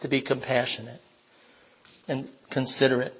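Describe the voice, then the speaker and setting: A man's voice: mid-range voice, level tone, moderate pace, fairly bright tone, slightly rough, low-quality recording. A man preaching an informal sermon in a conversational way, asking the listeners questions and telling personal stories.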